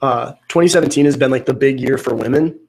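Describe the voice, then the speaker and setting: A man's voice: mid-range voice, fast, darkish tone, husky. A man co-hosting a casual podcast, teasing and telling funny stories about friends. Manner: joking, teasing storyteller. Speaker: podcast co-host. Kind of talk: casual banter.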